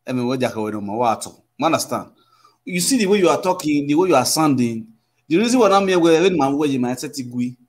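A man with a Nigerian accent lecturing in casual pidgin, often asking "you understand?". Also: mid-range voice.

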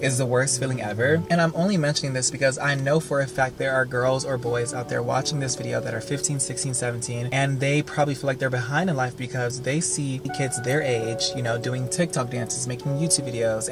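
A young man with a fairly high voice, talking to camera in a sassy, campy vlog, swearing freely. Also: fairly even intonation, brisk, few pauses. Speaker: vlogger. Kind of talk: casual vlog talk to camera. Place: Los Angeles, outdoors and at home. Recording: music playing behind.

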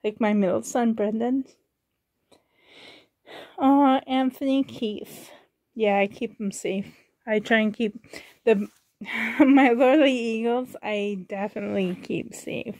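A woman talks slowly and gently, her voice a little on the high side, recorded dry and close on a handheld camera in her bedroom. She is soft-spoken and doting, and often slips into a whisper. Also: steady tone, no echo. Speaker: doll collector vlogger. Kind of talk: casual show-and-tell chat. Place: home bedroom.

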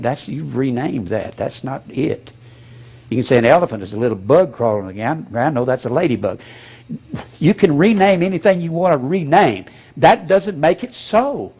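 A man delivers a sermon in a plain, blunt, folksy way, poking fun as he goes. His voice sits a little high and rises and falls widely. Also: husky. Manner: folksy, blunt, preaching with mocking asides. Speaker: pastor.

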